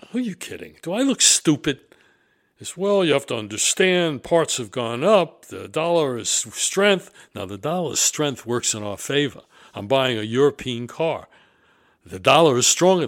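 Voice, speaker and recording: Animated, indignant middle-aged man. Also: medium pitch. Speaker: show guest or co-host telling stories. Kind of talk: casual storytelling chat.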